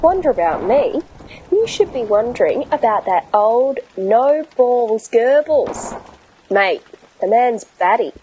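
A woman's voice: a little high, very animated, slow, dark tone, voice pushed up, low-quality recording. A woman plays a brash Australian army captain who treats everyone like an old mate. His talk is breezy and slangy, and he is in no hurry, with a faint hiss of noise behind him. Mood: cheeky.

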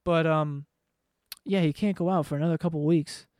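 Male vlogger, 20s, slightly high voice, profane rambling rant. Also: steady tone, normal speed, a little mellow, no room sound, studio quality. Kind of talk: casual rant to camera. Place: home room below living room.

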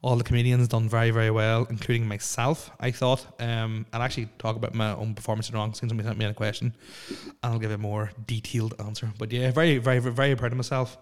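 Smooth and level in tone, a man's mid-range voice moves at a quick pace as he hosts a casual solo podcast alone in a house. He rambles and stammers, with many fillers and restarts.

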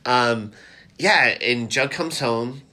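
A man chatting casually as a podcast co-host, animated and quick to act out characters' lines. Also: mid-range voice. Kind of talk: casual chat recapping a TV episode.

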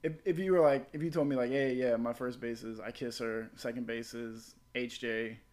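A man's voice: medium pitch, fairly even intonation, normal speed, a little mellow. A young man in casual podcast banter, telling crude jokes and acting out quoted exchanges. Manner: crude, joking storyteller, acts out quoted exchanges.

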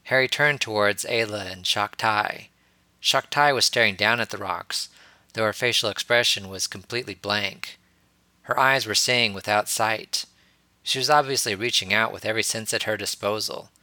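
A man narrating a fan fiction story as an audiobook reader, in a steady storytelling manner. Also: fairly low pitch, normal speed, no room sound.

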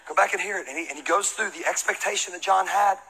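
Bright, high-energy preaching man. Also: fast talker, vocal fry, breathy edge, low-quality recording. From American South. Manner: animated, high-energy comic storyteller. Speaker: pastor. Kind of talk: sermon with comic storytelling.

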